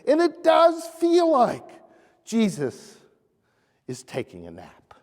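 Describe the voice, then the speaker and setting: A man preaching a sermon as pastor in a church sanctuary, earnest, rising animatedly and dropping soft. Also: extremely high pitch, huge pitch swings, takes it slowly. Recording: echoey church hall.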